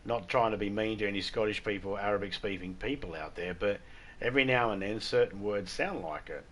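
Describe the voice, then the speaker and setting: Joking Australian man, low voice. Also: brisk, a bit bright. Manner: rambling, joking, irreverent. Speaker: gaming livestreamer. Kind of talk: casual chat while gaming.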